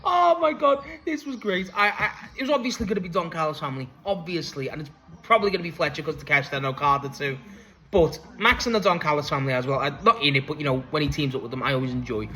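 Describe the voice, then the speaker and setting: A young man casually recapping and reviewing a wrestling show, excitable, swearing freely and laughing often. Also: on the high side, rapid-fire, poor audio.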